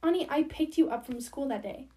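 Young woman, high voice, giggly, teasing, podcast co-host, casual chat. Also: a little fast, dark tone.

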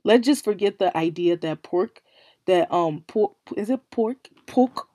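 A woman's voice: on the low side, a little slow, warm tone, no echo, studio quality. A woman hosting a casual solo podcast, English not her first language, rambling through puzzled questions with many fillers. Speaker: podcast host.

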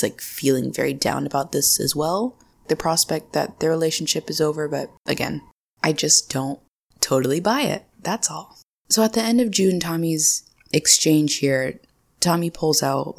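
A young woman with a low, gravelly voice hosts a solo podcast recap. She chats casually and laughs often, slipping into playful voices when she quotes characters. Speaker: podcast host.

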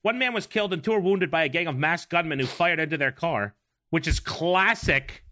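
A man's voice: on the high side, brisk, sharp tone. A man co-hosting a podcast, reading old news stories aloud in a casual, jokey way with laughing asides. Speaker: podcast co-host.

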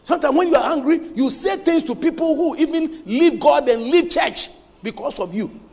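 A male pastor preaches with a strikingly high voice. He drives his points home emphatically, quizzing the congregation to complete his sentences. The sound rings with the long reverb of a church hall. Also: moderate pace, gravelly, darkish tone. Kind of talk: sermon.

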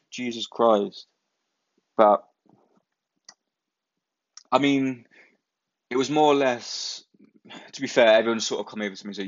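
Young male storyteller, low gravelly voice, casual and sweary, dry close-mic sound with a muffled edge. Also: fairly even intonation, normal speed, pauses often, no room sound. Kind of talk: casual anecdote.

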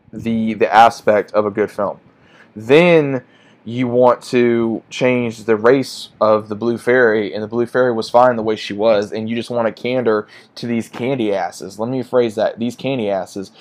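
A man giving a casual, frustrated movie review, bluntly repeating his complaints. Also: medium pitch.

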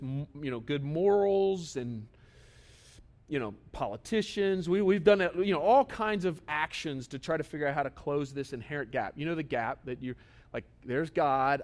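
A male pastor in his thirties preaching in a relaxed, conversational way. His voice sits a little high for a man, and he keeps pressing the congregation with rhetorical questions. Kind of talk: sermon.

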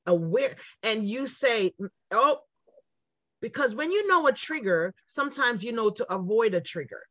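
A woman's voice: fairly high pitch, sing-song, unhurried, fairly bright tone, dry recording. Reflective woman podcast host. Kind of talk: conversational podcast talk.

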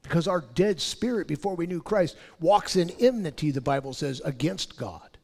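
A man preaching a sermon, rising loud on his key points and dropping low for scripture. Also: animated, normal speed. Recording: long hall reverb.

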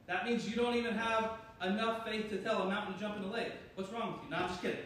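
Far from the mic in a very echoey church hall, with faint noise, a pastor delivers a sermon at a quick pace. His high, fairly bright voice keeps a steady tone as he jokes with and teases his congregation and laughs at himself.

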